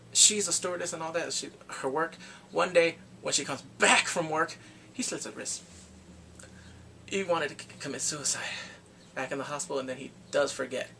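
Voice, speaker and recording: A man recapping a film in casual chat, animated and full of reactions. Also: a little high, vocal fry, a little hiss or hum. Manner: animated, reacts with exclamations and gasps. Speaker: movie reviewer.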